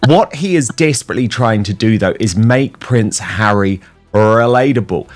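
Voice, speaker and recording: A man's voice: on the low side, expressive, normal speed, soft background music. A man hosting a talk show, sardonic and hedging. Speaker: host.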